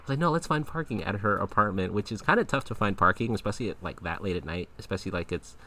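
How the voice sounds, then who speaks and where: A man's voice: fairly low pitch, animated, fast, pushed and bright. A man hosting a podcast, telling a story in a casual, rambling way with lots of fillers. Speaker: podcast host. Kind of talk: casual chat.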